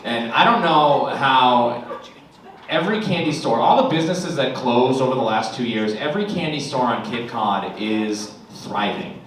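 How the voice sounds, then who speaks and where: A man's voice: mid-range voice, animated, normal speed, fairly bright tone. A man doing stand-up, his delivery exasperated and sarcastic. He talks into a stage mic, heard from far off in a very echoey club with a noisy crowd behind him. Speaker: stand-up comedian. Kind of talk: stand-up comedy. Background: audience laughter.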